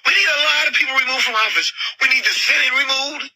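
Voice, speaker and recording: A woman in an angry, profane rant, shouting and agitated, saying she is overheated and upset. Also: sits high, a little fast, poor audio. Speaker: woman in a viral video. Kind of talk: angry ranting monologue.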